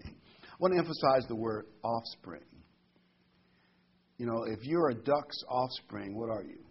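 A man's voice: medium pitch, breathy edge. A man preaching a sermon to a small congregation in a conversational way, asking rhetorical questions and reading scripture aloud. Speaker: pastor. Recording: dull lo-fi recording.

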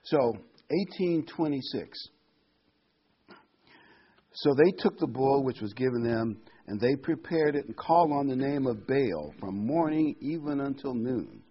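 A man's voice: medium pitch, lively intonation, a little slow, slightly rough, highs cut off. A man preaching an informal sermon, talking conversationally and telling the story with restarts and asides.

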